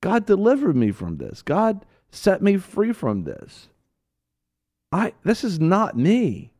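Man playing an earnest, remorseful sheep, slow and pleading. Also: high voice, huge pitch swings, a little mellow, dry recording, clean studio sound, voice pushed up, heavily acted. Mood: dismayed. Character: repentant sheep, ashamed and pleading with God.

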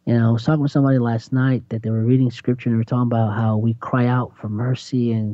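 Mellow-voiced man preaching casually. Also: mid-range voice, quick pace, few pauses, no echo. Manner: animated, laughs often, acts out quotes. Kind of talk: preaching-style faith talk. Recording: dry, slightly dull lo-fi sound.

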